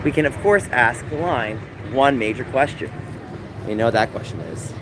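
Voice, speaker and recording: A man's voice: medium pitch, very animated, moderate pace. A man livestreaming outdoors, talking in a rambling, casual way to his chat. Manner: rambling, repetitive calling out to passersby. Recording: street noise and passing traffic.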